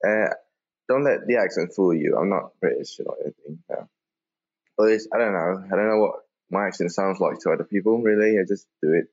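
Man from Malaysia, very deep voice, rambling and unsure, dull lo-fi voice message. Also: fairly quick, a little mellow. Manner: rambling, unsure, self-deprecating. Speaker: listener sending a voice message. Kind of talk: casual recorded voice message.

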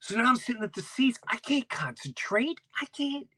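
A middle-aged man, hosting a podcast and telling an animated story, acting out quotes and dropping to hushed asides. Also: extremely high pitch, normal speed, breathy edge, no room sound. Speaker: podcast host.

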